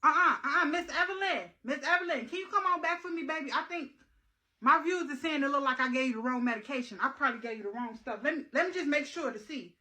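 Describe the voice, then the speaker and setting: A woman's voice: high voice, fast talker, bright, forceful tone. A woman doing a brash, flippant nurse in a comedy skit. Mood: breezy. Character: careless young woman nurse livestreaming on shift.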